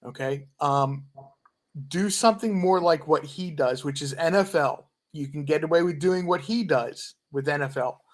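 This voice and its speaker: A man's voice: a little high, moderate pace. A man earnestly giving advice during a casual livestream chat, hesitating with many fillers.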